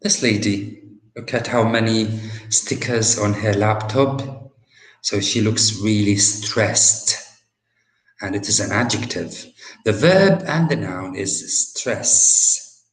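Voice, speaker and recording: Teaching English vocabulary in a recorded university session, an Arabic-accented man with a fairly low voice speaks slowly and patiently. He uses plenty of "uh" pauses and everyday examples, and the poor-quality audio is reverberant.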